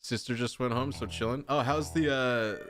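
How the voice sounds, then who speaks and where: A man's voice: mid-range voice, steady tone, moderate pace, a bit bright, a little hiss or hum. A man streaming a video game, chatting casually with viewers in joking, rambling, self-mocking banter. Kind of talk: casual live-stream chat. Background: game music.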